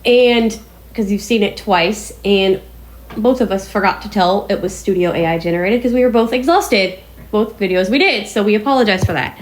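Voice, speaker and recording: A woman's voice: mid-range voice, moderate pace. A woman hosting a casual sit-down vlog from her home kitchen, talking in a bubbly, enthusiastic, chatty way. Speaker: vlog host.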